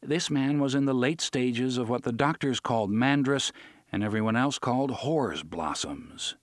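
In a dry, studio-quality recording, a medium-pitched man reads scripted audiobook narration. He tells the story with expressive, measured delivery.

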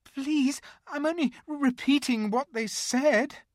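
A reader voicing a frightened young boy who stammers and pleads, pitched well above the reader's own voice. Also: animated, measured pace, a bit bright, dry recording, studio quality. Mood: pleading.

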